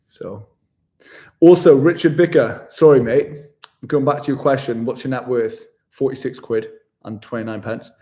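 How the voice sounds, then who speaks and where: A man from West Yorkshire, England chats casually in a live vlog Q&A, answering viewer questions with self-deprecating humor and calling people "mate." His voice is mid-range and dark, at a moderate pace.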